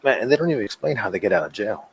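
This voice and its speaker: A man appearing as a guest on a video-call podcast, retelling movie scenes in a relaxed, casual way. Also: fairly low pitch, racing, slight background noise, rough recording. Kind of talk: casual chat.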